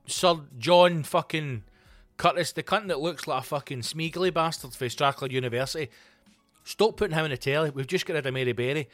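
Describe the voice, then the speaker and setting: A middle-aged Scottish man and comedy podcast host, ranting in a loose, sweary, animated monologue. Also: on the high side, fairly quick, no room sound, faint music behind. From Scotland.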